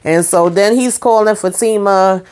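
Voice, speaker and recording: Speaking at a relaxed pace in a medium register, this recap host walks listeners through a TV drama episode. Her retelling is lively and conversational, sprinkled with slang and frequent asides.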